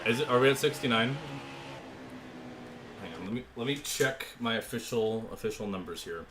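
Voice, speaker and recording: A young man livestreaming a racing game from his room, chatting and joking with his viewers in quick asides. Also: mid-range voice, a bit bright, a little hiss or hum. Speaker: gaming streamer. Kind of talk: live stream chat and play-by-play. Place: home room. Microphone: desk mic with webcam.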